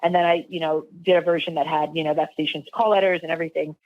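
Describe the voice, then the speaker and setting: A woman's voice: low voice, fairly even intonation, fast talker, no room sound. Rambling woman telling stories, dry and dull. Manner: rambling, lots of fillers and restarts. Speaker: radio host and guest. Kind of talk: casual interview storytelling.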